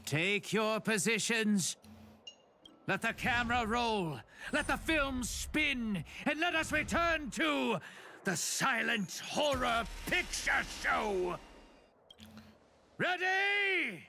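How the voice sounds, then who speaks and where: Ominous, slow ghost director, gravelly, far off with light hiss. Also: medium pitch, lively intonation, bright, forceful tone, heavily acted. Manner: grand, slow, ominous announcing. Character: eerie theatrical director spirit, commanding and cryptic. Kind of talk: game voice acting.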